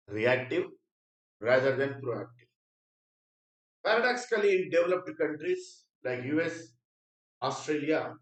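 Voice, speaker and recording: A man teaching an exam prep lecture in Indian English, repeating key phrases and often clearing his throat. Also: fairly high pitch, reverberant, recorded from a distance, low-quality recording. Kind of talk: spoken lecture.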